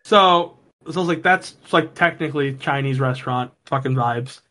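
A man's voice: medium pitch, moderate pace, bright, forceful tone. A man co-hosting a podcast, telling loose, rambling stories in casual chat and swearing freely.

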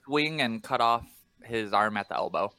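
A man's voice: medium pitch, normal speed, pushed and bright, a little hiss or hum. A man playing a tabletop game, declaring his character's actions bluntly and eagerly. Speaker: player.

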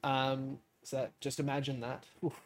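A young man co-hosting a podcast, telling stories in a lively way, acting out quotes and swearing casually. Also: medium pitch, a little fast. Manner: animated storytelling, acts out quotes. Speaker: podcast co-host, streamer.

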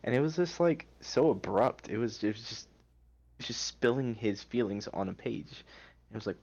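A young man, a poet, talking casually as a guest in a relaxed, rambling way full of restarts. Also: medium pitch, normal speed. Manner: laid-back, rambling, many "like"s and restarts. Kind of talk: casual chat. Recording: dull lo-fi sound.

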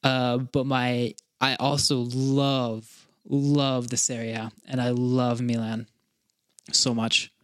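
A young man from North Carolina co-hosting a podcast, chatting casually in an excitable, rambling way with lots of restarts and fillers. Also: mid-range voice, slow, dry recording, clean studio sound. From North Carolina, USA. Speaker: podcast co-host. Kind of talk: casual chat.

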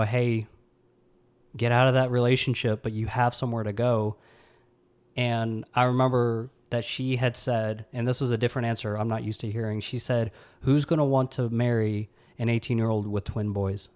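Male podcast host, 30s, from Mississippi; somber, halting personal storytelling. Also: mid-range voice, flat delivery, clear, resonant tone. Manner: somber, halting, with frequent restarts.

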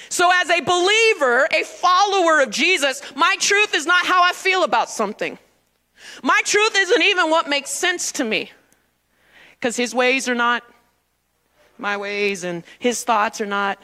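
High bright-voiced woman preaching. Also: lively intonation, moderate pace. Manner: emphatic call-and-response preaching. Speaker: pastor. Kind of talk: sermon. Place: church sanctuary.

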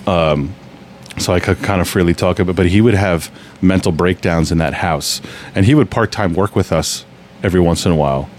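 A man's voice: low voice, a little fast, darkish tone, a little hiss or hum. A man telling stories in a casual podcast chat, rambling and restarting often.

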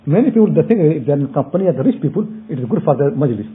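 A man delivers an earnest Quran commentary in a sermon style, often repeating and restarting his phrases. He speaks at a brisk, rushing pace. The audio is thin and tinny, like a phone line. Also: a little high, very animated. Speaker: Islamic scholar teaching tafsir.

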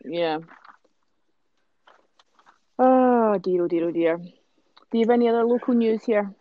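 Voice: mid-range voice, a little slow, phone-quality sound. A Scottish podcast co-host in casual chat, explaining things at length with many ums and restarts.

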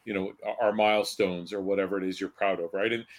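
A man with a fairly low voice talks casually as a podcast co-host. He rambles and often repeats his words before getting them out. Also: fairly even intonation, fast. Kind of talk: casual chat.

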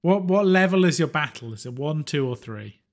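A man narrating and running a tabletop game as game master, with many fillers and pauses. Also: fairly high pitch, expressive.

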